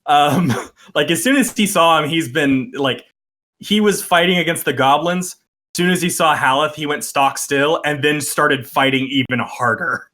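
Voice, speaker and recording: A man's voice: on the high side, moderate pace, pushed and bright. A man narrating as game master of a tabletop game, hesitant with frequent fillers. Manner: hesitant, lots of uh and um, chuckling.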